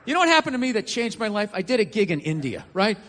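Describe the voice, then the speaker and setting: A man rants through a stand-up set in a very high, bright, forceful voice, sarcastic and profane, often breaking into shouts. His handheld mic picks him up on a theater stage with a long hall reverb and faint ambience behind him. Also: sing-song, quick pace. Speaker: stand-up comedian. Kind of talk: stand-up comedy rant. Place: theater stage before a live audience.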